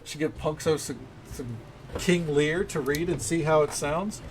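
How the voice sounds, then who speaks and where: A man's voice: on the high side, a little slow, a little hiss or hum. A man, chatting casually and rambling while he streams a game. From American South. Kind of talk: casual livestream commentary.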